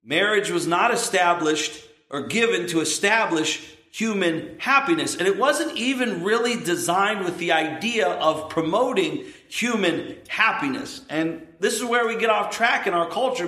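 A man in his thirties preaches an earnest, emphatic sermon with asides to the congregation. His voice sits a little high for a man. The recording carries the echo of a church room. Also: expressive, a little slow, sharp tone. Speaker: pastor.

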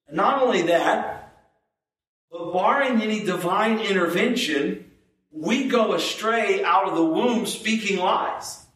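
A man preaching a sermon as pastor, slow and emphatic, repeating phrases for stress. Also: high voice, animated, fairly bright tone. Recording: echoey room, distant mic.

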